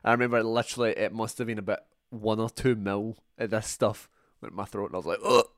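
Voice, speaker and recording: A man's voice: on the low side, fairly even intonation, quick pace, no echo, studio quality. A young Scottish man hosting a film podcast in a casual chat, joking, laughing often and telling anecdotes. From Scotland. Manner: chatty, laughs often, tells anecdotes with voiced quotes. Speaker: podcast host.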